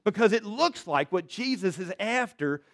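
High-voiced folksy male pastor. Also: animated, moderate pace, fairly bright tone. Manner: conversational and folksy, with frequent restarts and asides. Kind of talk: sermon. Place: church sanctuary.

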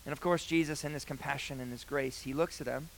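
A young man preaching a sermon, earnest, with loud emphatic phrases that drop to quiet, hushed lines. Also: medium pitch, steady tone, fast, vocal fry, a little hiss or hum, poor audio.

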